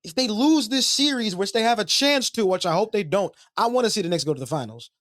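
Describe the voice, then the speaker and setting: A man with a lively, swooping voice, pitched slightly high, drives home his opinions by saying them again and again. The sound is dry and close, like casual podcast banter. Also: fast, dry recording. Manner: emphatic, repetitive, swearing sports takes. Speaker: podcast co-host.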